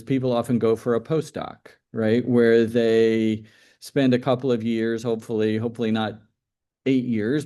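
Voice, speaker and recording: A man's voice: mid-range voice, warm tone. A man moderating a university panel, prompting the guests with questions in a conversational, easygoing way. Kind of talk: panel discussion.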